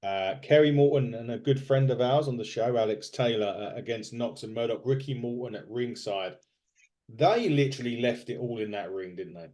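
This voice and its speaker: A man's voice: medium pitch, moderate pace, mellow. A man co-hosting a podcast in casual chat, rambling with lots of fillers and restarts. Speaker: podcast co-host. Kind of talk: casual chat recapping wrestling.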